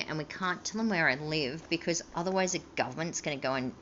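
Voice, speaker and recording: Rambling woman with a bright, lively voice. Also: low-pitched, quick pace, few pauses, dull audio, a little hiss or hum. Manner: rambling, meandering with many fillers; acts out both sides of conversations. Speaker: vlogger. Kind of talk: rambling monologue.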